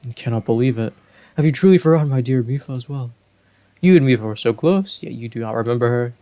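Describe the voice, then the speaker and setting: A man voicing an aged, huge male fish-folk king in a video game, speaking formally and slowly. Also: medium pitch, warm tone, lightly acted. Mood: regal. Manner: formal, stately, slow and courtly.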